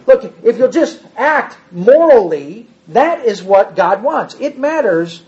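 A man's voice: very high-pitched, very animated, slow, hardly any pauses, darkish tone, muffled recording. A man teaching an informal Bible class, reading scripture aloud with dramatic emphasis between casual comments.

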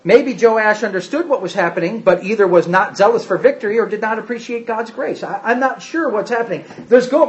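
A high-voiced man preaching a sermon, acting out quoted speech with sudden jumps up and drops to a hush. The recording is dull and lo-fi, with the top end muffled. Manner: animated, acts out quotes with big swings in pitch and loudness.

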